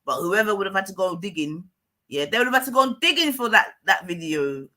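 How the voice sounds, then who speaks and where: A woman's voice: medium pitch, expressive, a little fast, sharp tone. Emphatic woman ranting on a live stream. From London. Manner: emphatic and repetitive, keeps asking the listener to follow.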